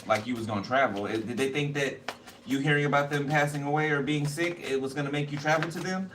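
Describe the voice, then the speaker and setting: A man's voice: on the high side, quick pace, a bit bright. Blunt guy reading tarot, swears a lot, says stuff twice, noisy mic kinda far away. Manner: blunt, profane, repetitive. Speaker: tarot card reader. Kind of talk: casual card reading to camera.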